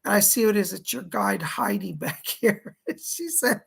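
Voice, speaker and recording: A man hosting a live psychic reading stream. He sounds hoarse as he chattily relays spirit messages and thanks viewers by name. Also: sits high, huge pitch swings, measured pace, a bit bright. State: dry throat, hoarse.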